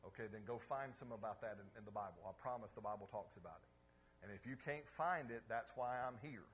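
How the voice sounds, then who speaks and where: A man's voice: medium pitch, fairly bright tone. Pastor guy preaching hard, keeps asking the crowd stuff, faint hum behind. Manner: emphatic, asks the congregation questions. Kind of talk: sermon.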